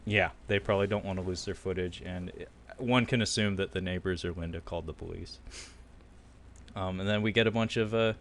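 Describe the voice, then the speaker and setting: A man with a low voice co-hosts a movie podcast, walking his partner through a documentary's ending. He chats casually and breaks into quoted lines with sudden energy. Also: brisk. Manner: animated storyteller, acting out quotes with loud bursts and laughter. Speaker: podcast co-host. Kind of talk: casual film recap chat.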